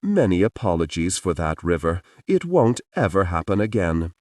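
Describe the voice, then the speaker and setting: A man narrating an audiobook, voicing a small, sage alien who speaks slowly, formally and gravely. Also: deep voice, very animated, a little mellow, no room sound, clean studio sound. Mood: solemn. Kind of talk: audiobook character voice.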